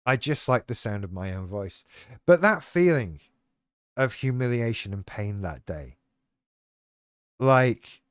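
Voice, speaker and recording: A man's voice: mid-range voice, expressive, slow, long pauses, smooth, no echo. Guy rambling on about himself, swears a lot, laughs at himself, pretty dry recording. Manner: rambling, self-deprecating storytelling with frequent swearing. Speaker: channel host talking about living with BPD. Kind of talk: casual personal monologue.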